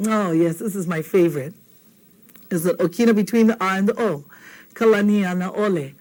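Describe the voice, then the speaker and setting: A woman from Hawaii with a Hawaiian accent leads a televised language lesson. She is patient and playful, repeating each word slowly and asking "okay?" often. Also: mid-range voice, darkish tone, poor audio. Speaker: language teacher.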